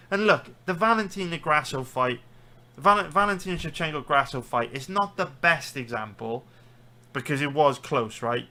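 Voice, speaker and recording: A British-accented man holding forth on a live stream, his voice bright and forceful as he rants and swears heatedly. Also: on the high side, expressive, moderate pace. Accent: British English. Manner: heated, profane ranting. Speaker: sports betting streamer.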